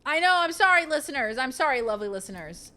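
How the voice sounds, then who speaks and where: A woman streaming a game chats casually, reading its text aloud and tossing in jokey asides. Her voice sits high and sounds pushed and bright, with big pitch swings and a fast pace.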